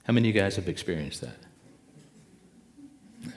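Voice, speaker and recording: A man with a very low voice speaks to a gathered audience about spirit and intuition. He talks slowly and reflectively, leaning on pauses and now and then acting out an inner voice. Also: lively intonation.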